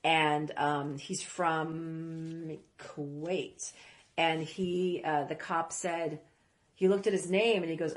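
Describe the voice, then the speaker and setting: A woman guest who grew up in Iraq, telling stories in a casual interview, rambling with quick asides. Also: deep voice, steady tone.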